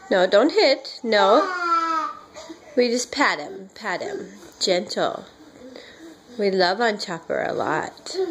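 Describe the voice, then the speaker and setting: A woman's voice: on the high side, noisy background. A woman talking to a toddler as a parent in a home video, coaxing him in sing-song baby talk.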